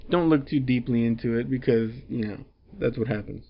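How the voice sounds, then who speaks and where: A man's voice: mid-range voice, brisk, muffled recording. A man reviewing a comic book in casual chat, rambling through the plot with fillers and chuckles.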